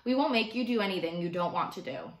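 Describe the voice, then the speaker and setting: A woman's voice: fairly low pitch, lively intonation, quick pace, echoey room, natural voice. A woman reading aloud as a protective, easygoing father in a children's novel. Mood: calm.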